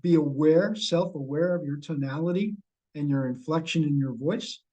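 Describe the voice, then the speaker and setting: A man's voice: a little high, moderate pace, dark tone, rough recording. A middle-aged man leading a sales training session over a video call, coaching and repeating key points. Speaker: real estate sales trainer.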